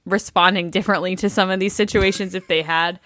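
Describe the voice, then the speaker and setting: A woman's voice: fairly low pitch, brisk, no echo. A woman co-hosting a podcast, chatting casually and acting out what the cast said. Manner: animated, acts out quotes of the cast. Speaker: podcast co-host. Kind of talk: casual chat recapping a reality show.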